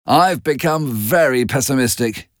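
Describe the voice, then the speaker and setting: A man's voice: mid-range voice, measured pace, no echo, clean studio sound, voice pushed up, lightly acted. A man reading aloud, voicing an arrogant, brutish rich husband who speaks bluntly. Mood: angry. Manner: blunt, forceful.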